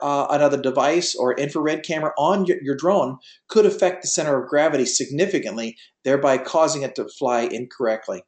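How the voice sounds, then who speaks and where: Male instructor, fairly high voice, folksy and rambling with many fillers, on a video call in an echoey room. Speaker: drone pilot test prep instructor. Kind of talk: online class lecture with a told joke.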